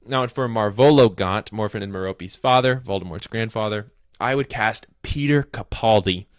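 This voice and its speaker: A man with a fairly low voice talks casually to his viewers, wandering through his thoughts and correcting himself as he goes. He slips in joking asides. The sound is dry and close, with no room around it. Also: normal speed, smooth, no echo. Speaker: video host. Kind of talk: casual commentary.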